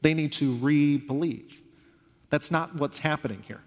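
A preacher in a big echoing hall. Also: male voice, on the high side, unhurried. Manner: earnest, conversational, animated storytelling. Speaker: pastor. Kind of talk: sermon. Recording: long reverb of a large hall.

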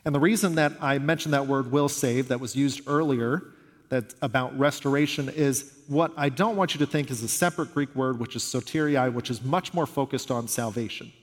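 A man preaching a sermon, earnest and conversational, retelling scripture stories in an animated way. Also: medium pitch, normal speed. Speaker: pastor. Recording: long reverb of a large hall.

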